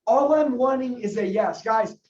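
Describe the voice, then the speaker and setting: A man's voice: very high-pitched, a little mellow, a little hiss or hum. Male sales coach, punchy and repetitive, recorded from a distance, dull and roomy sound. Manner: fast, emphatic, coaching, repeats key phrases. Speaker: sales trainer. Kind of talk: energetic sales training talk with role-played customer dialogue.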